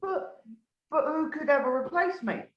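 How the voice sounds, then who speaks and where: A woman's voice: sits high, lively intonation, normal speed. A woman playing Dr Watson, meek and stammering. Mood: hurt. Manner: hesitant, stammering, eager to please. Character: meek devoted sidekick Doctor Watson. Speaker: sketch performer. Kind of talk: live comedy sketch. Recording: echoey lo-fi live recording.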